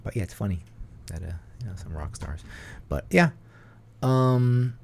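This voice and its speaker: A man's voice: medium pitch, expressive, unhurried, vocal fry, a little mellow. A man co-hosting a casual podcast, rambling and self-deprecating and leaning heavily on "you know". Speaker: podcast co-host.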